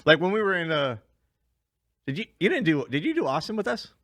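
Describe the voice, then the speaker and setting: A man, a comedian co-hosting a podcast, tells long, meandering stories about gigs gone wrong and laughs at his own punchlines. His voice sits a little high for a man. The sound is dry and close, with no room around it. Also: big pitch swings, brisk, fairly bright tone, no echo. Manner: rambling storyteller, swears freely, laughs at own stories. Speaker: stand-up comedian, podcast co-host. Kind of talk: casual chat, road stories.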